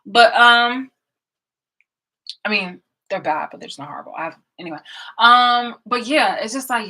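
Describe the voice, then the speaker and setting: A woman's voice: mid-range voice, unhurried, sharp tone, poor audio. A woman telling a personal story in a casual, rambling way from a room in her home, blunt and full of fillers and restarts. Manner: blunt, profane and emphatic. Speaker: vlogger.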